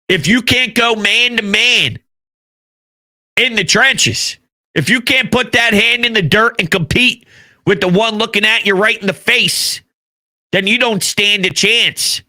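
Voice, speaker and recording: A man giving fired-up sports opinion talk as a commentator, passionate and shouting out his big points. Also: high-pitched, no room sound, clean studio sound.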